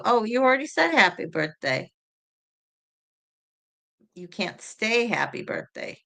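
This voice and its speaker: A woman's voice: fairly high pitch, lively intonation, slow pace, vocal fry, pauses often, bright, forceful tone. A middle-aged woman hosting an online community call in a chatty, rambling way, greeting viewers by name. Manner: chatty and rambling, reading viewers' names aloud. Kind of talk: casual chat.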